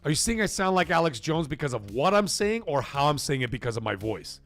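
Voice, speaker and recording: A man hosting a live stream, talking in a casual, emphatic and repetitive way, his voice getting hoarse. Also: a little high, big pitch swings, brisk, fairly bright tone, faint music behind. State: voice going hoarse. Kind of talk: casual live-stream chat reading donations.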